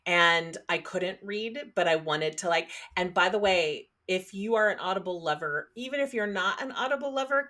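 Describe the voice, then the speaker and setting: A woman co-hosting a podcast and chatting casually about a book. She talks in halting bursts, stopping and restarting as she gathers her thoughts, with plenty of fillers along the way. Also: medium pitch, fairly bright tone. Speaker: podcast co-host.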